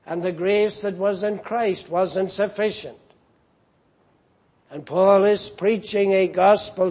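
Slow, high-voiced male preacher. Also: darkish tone. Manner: slow, measured preaching that rises with emphasis. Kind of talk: sermon.

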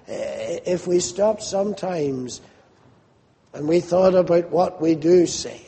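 A man preaching a sermon slowly and emphatically, his voice rising sharply when he quotes questions. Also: fairly high pitch, warm tone, long reverb tail.

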